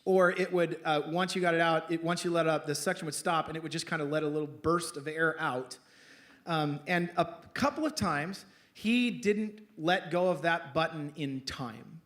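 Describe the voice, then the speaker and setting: A pastor telling a humorous personal story in a sermon, animated and self-mocking, often laughing at his own jokes. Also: on the high side, moderate pace. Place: church.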